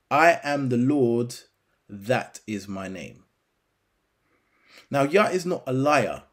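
A man teaching scripture in a slow, deliberate way, putting rhetorical questions to the listener. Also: medium pitch, slightly rough. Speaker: bible teacher.

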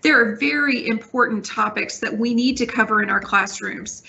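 A woman's voice: fairly high pitch, normal speed, creaky, sharp tone, dull audio. A woman university administrator giving a careful, composed response at a town hall. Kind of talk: formal prepared response.

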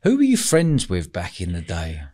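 A man's voice: low voice, wildly swooping pitch, moderate pace, a little mellow. A man hosting a podcast, asking probing questions and giving short encouraging replies. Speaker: podcast host. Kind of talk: interview questions.

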